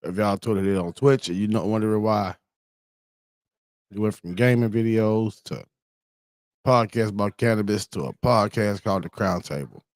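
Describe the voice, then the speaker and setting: A man's voice: on the low side, normal speed, a little mellow, no room sound. A man hosting a casual show, reading memes aloud with profane, laughing amusement. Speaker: host.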